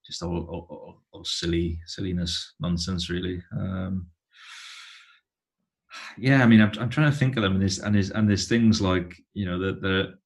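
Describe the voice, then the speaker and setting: A man in his thirties with a lowish voice chats casually as a guest. He rambles and repeats himself, circling back through his stories. The delivery is relaxed and conversational. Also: vocal fry. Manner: rambling, halting, many restarts. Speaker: touring musician, guest.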